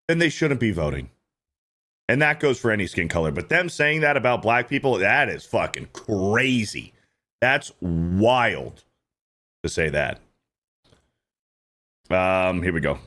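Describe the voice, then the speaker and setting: A man's voice: fairly low pitch, a bit bright. A man hosting a reaction show, ranting bluntly and swearing often as he comments on clips. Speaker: host.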